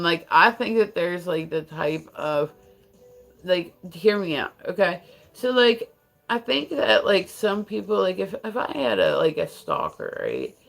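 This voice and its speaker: American woman, livestream host, casual rambling chat, gravelly voice, lots of fillers. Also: lowish voice, low-quality recording. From United States. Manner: rambling, many restarts and fillers, frequent laughs.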